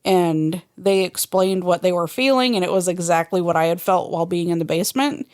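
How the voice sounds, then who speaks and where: A woman in casual podcast chat, recounting an experience in a plain, steady way. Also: fairly low pitch, fairly quick.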